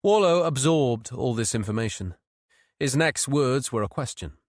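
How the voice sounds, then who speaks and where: A man narrating a mystery thriller audiobook in a steady, measured read. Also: medium pitch, no echo, clean studio sound. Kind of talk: scripted narration.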